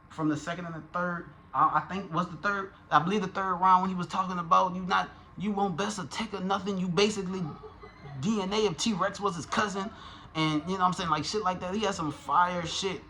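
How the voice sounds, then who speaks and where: A man giving a casual, profane, animated review of a rap battle, talking in slang and restarting his sentences often. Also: high-pitched, a little hiss or hum. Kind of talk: casual commentary.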